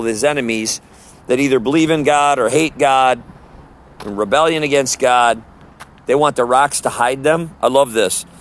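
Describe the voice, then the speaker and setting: A man's voice: mid-range voice, a little hiss or hum. A man preaching on the street, earnest and emphatic, quoting scripture.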